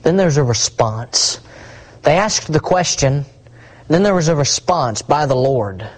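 A man preaching a sermon, swinging between hushed asides and rising, emphatic repetition. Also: on the high side, expressive, unhurried, poor audio.

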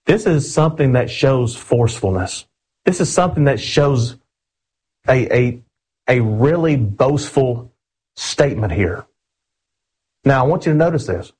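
Husky-voiced man preaching a sermon. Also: mid-range voice, lively intonation, measured pace, pauses often, a little mellow, low-quality recording. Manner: earnest, emphatic, addresses listeners as friends.

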